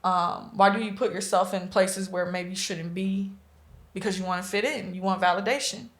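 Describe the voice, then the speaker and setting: A woman's voice: mid-range voice, fairly even intonation, normal speed, echoey room. A woman from Nebraska, a guest on an interview show, telling a personal story earnestly with many fillers and quoted dialogue. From Omaha, Nebraska. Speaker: guest, Reiki practitioner.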